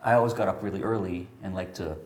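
Man, lowish voice, rambling casual storyteller who voices the people in his anecdotes; roomy echo. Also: quick pace, a little hiss or hum. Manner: rambling, animated, many fillers, acts out quotes.

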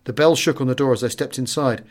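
A man reading a first-person wartime memoir aloud as an audiobook, with a measured and expressive delivery. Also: mid-range voice. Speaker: audiobook narrator.

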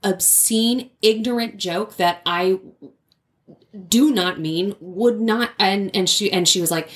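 A woman's voice: medium pitch, slow pace. Candid woman in an echoey room. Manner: candid, earnest, with frequent fillers. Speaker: podcast guest. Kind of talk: casual conversation.

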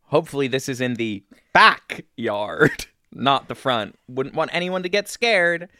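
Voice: mid-range voice, lively intonation, a little slow, bright, forceful tone, no room sound, studio quality. Someone doing a snide, giggling older aunt. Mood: snide sweet. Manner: drawling, sugary, snide with giggles. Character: passive-aggressive older aunt, spiteful, laughing. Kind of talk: comedy improv of social media comments.

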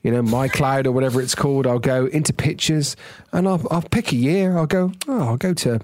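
A man's voice: medium pitch, fairly quick, darkish tone, dry recording. A middle-aged man, chatting as a podcast co-host and telling stories about himself with many restarts and a self-mocking tone. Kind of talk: casual chat.

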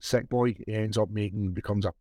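A man's voice: fairly low pitch, fairly even intonation, brisk, mellow, no room sound. Chatty Scottish man, casual. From Scotland. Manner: chatty, casual, swears often. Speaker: podcast co-host. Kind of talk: casual chat.

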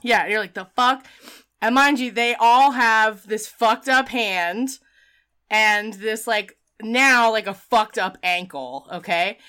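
A woman casually recapping a film, animated, laughing often and acting out the characters. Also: mid-range voice, clean tone. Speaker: podcast co-host recapping a film. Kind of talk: casual chat.

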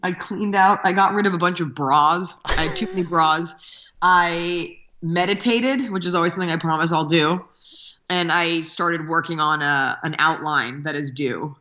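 A woman comedian chatting as a remote guest, wry and self-deprecating, with hesitant fillers between jokes. Her voice sits on the low side. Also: normal speed, bright, forceful tone, muffled recording. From Texas. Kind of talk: casual interview over a remote call.

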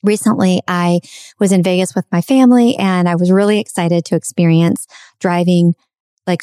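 Earnest woman, low mellow voice. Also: smooth, no room sound, clean studio sound. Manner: earnest, repeats phrases for emphasis. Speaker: podcast host. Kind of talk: reflective spiritual self-help talk.

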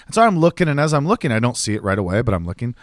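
A young man telling a story in a lively, swooping voice, acting out quoted people as he goes. The sound is dry and close, with no room around it. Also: medium pitch, racing, no echo. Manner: animated, acts out quoted voices. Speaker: podcast co-host. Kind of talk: casual storytelling chat.

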